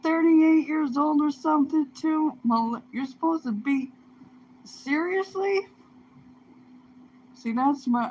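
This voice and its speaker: A woman's voice: on the high side, a little mellow, dull audio, a little hiss or hum. A woman in a casual vlog who swears a lot, breaks into laughing fits and mock wailing, and sounds breathless from laughing.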